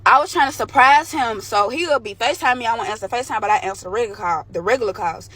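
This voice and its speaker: A woman's voice: a little high, quick pace, a bit bright, husky. A young woman telling a candid, slangy story from her own life to the camera. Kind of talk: storytime vlog.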